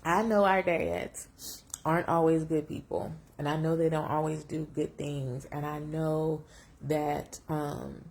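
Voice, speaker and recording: A woman telling a personal story on camera, reflective and emotional, close to tears, with lively jumps when she quotes herself. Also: low-pitched. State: tearful. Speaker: vlogger sharing a personal story.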